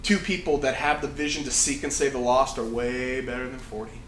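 A man's voice: medium pitch, fairly even intonation, fairly quick, fairly bright tone, slight background noise. Man preaching in an echoey room. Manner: conversational preaching with restarts and self-corrections. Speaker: campus ministry pastor. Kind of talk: sermon. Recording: echoey room with faint ambience.

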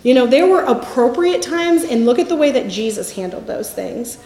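A woman in her forties with a high voice teaches from the Bible, telling lively stories. Her voice rings in an echoey room. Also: normal speed. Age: 40s. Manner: lively storytelling, acts out quotes with laughs. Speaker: campus ministry speaker.

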